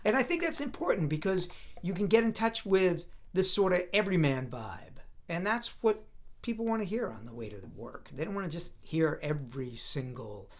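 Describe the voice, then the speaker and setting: Over a video call, a fifty-something East Coast voice actor talks casually as a guest at a moderate pace. His voice is high-pitched, and his manner is laid-back, meandering and self-deprecating.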